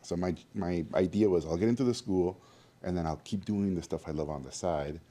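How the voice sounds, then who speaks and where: A man being interviewed, telling lively stories about his early art training and acting out the people in them. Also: deep voice, brisk. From Mexico. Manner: animated storyteller, acts out quoted voices. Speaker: guest animator. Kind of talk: storytelling interview.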